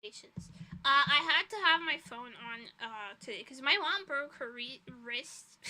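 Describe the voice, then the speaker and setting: A woman's voice: high voice, animated, unhurried, sharp tone, rough recording. A woman streaming from her room, chatting casually, rambling with giggles and swearing, tired and with a stuffy nose. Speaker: vtuber streamer and illustrator. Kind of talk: casual chat. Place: her own room at home.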